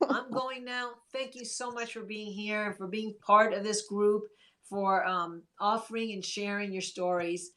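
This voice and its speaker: A woman's voice: mid-range voice, fairly even intonation, measured pace, bright, forceful tone. A woman hosting a casual livestream, chatting in an encouraging way and reading viewer comments aloud. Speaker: livestream host.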